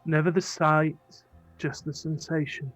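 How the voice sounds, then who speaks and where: A man playing a young man who gently coaxes a childhood friend in a tabletop game. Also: a little high, flat delivery, unhurried, dry recording, soft background music. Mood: soothing.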